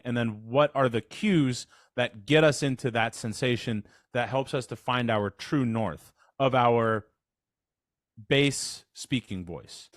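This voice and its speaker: Guy running a voice workshop over video call, mid pitch, dry close sound, chatty and energetic. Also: no echo. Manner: energetic, chatty, demonstrates with his voice. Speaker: voice coach leading a workshop. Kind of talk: casual instructional talk. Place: online call.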